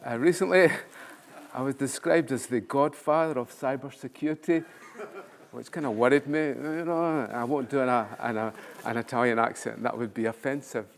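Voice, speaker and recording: A man's voice: mid-range voice, moderate pace, creaky, a little hiss or hum. An older man, a professor giving a conference talk with self-deprecating humorous storytelling. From Scotland. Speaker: keynote speaker, professor.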